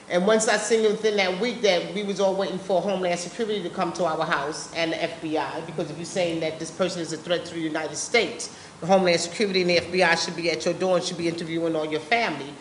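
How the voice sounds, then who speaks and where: A brisk woman with a fairly low, steady voice testifies about her own experience before a public forum. Her delivery is frank, heated and casual; the meeting-room recording carries a roomy sound and slight background noise.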